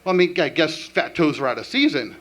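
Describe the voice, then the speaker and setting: A man performing a stand-up comedy set with an animated, punchline-driven delivery. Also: a little high, fairly quick.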